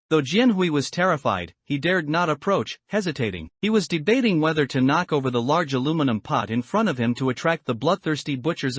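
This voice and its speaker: A man reading a scripted horror comic recap in a steady, even storytelling manner. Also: a little high, no room sound. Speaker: narrator.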